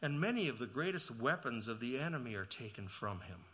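A man preaching a sermon, asking the listeners questions and reading scripture, rising to loud emphatic peaks and dropping to quiet low passages. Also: very animated, fairly quick. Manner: asks the listeners questions and reads scripture aloud. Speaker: pastor.

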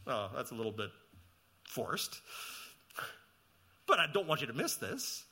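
A man preaching a sermon, asking the listeners questions and reading scripture, rising to loud emphatic peaks and dropping to quiet low passages. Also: sing-song, normal speed. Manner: asks the listeners questions and reads scripture aloud. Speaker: pastor.

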